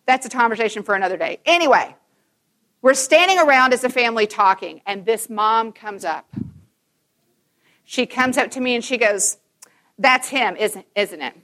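Brief: woman in her fifties, Christian conference speaker, bright and fairly high voice, animated, acts out dialogue in her stories. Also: moderate pace. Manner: emphatic and animated, acting out dialogue. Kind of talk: Christian conference talk, personal storytelling.

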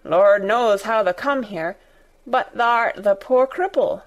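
A woman voicing a tactless old male gardener with a Yorkshire dialect and a shaky, hoarse, quavering voice. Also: medium pitch, lightly acted. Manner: slow, quavering.

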